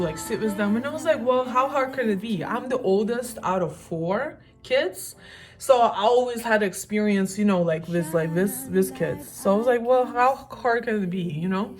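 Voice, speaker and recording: Young woman, chatty and rambling, self-mocking, makeup vlog, clear background music. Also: mid-range voice. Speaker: beauty vlogger. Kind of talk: casual storytelling while doing makeup.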